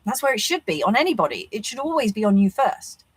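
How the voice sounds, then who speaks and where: A woman's voice: fairly high pitch, sing-song, fast talker, breathy edge, no room sound, low-quality recording. A woman, speaking straight to camera, coaching on manifesting in an earnest, reflective way and asking lots of rhetorical questions. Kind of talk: talking-to-camera motivational vlog.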